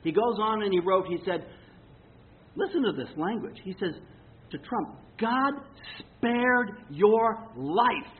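A man's voice: high voice, animated, moderate pace, pauses often. A man teaching a sermon-style Bible talk, conversational and emphatic, checking in with his listeners as he reads quotes with dramatic stress. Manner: conversational, checks in with rhetorical "okay?". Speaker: preacher teaching on prophecy. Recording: tinny phone-like lo-fi sound.

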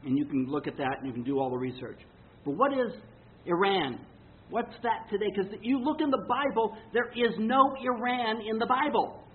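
A man's voice: sits high, expressive, normal speed. A man teaching a sermon-style Bible talk, conversational and emphatic, checking in with his listeners as he reads quotes with dramatic stress. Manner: conversational, checks in with rhetorical "okay?". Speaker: preacher teaching on prophecy. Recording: tinny phone-like lo-fi sound.

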